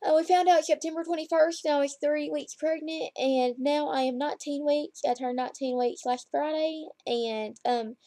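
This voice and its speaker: A woman's voice: high voice, dark tone, no echo. Chatty woman vlogging from home. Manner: chatty, rambling storyteller. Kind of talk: casual chat to camera. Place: at home, lying down. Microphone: laptop webcam.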